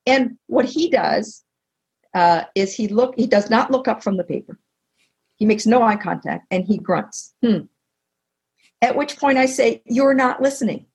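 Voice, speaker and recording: A middle-aged woman being interviewed as a communication expert, explaining with animated stories and acting out bits of dialogue. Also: on the high side, moderate pace, vocal fry, husky. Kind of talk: conversational interview.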